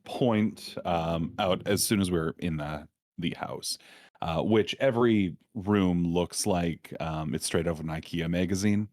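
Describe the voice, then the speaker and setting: A man's voice: low voice, darkish tone, no room sound, studio quality. A man playing a tabletop game over voice chat, rambling with ums as he describes his character's actions. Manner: rambling, quick asides, ums. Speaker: player.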